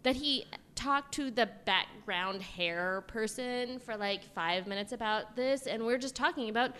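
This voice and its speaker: A woman's voice: fairly high pitch, a little slow, bright, forceful tone, clear, resonant tone. A woman from Oklahoma, a film hairstylist, telling bubbly stories in casual chat. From Oklahoma, USA. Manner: bubbly, storytelling, quoting herself.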